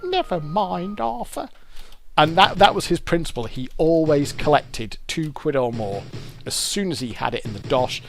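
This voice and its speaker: A man's voice: mid-range voice, expressive, normal speed, fairly bright tone, a little hiss or hum. A British man giving casual, rambling commentary while he plays a fruit machine game and explains its features.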